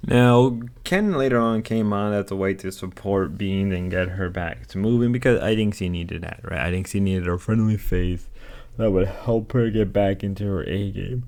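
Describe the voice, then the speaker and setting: A man talks through clips in an unhurried, rambling way. His voice is gravelly and fairly low, and he often stops to correct himself. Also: darkish tone. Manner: rambling, candid, self-correcting. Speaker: streamer reacting to clips. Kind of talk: casual commentary.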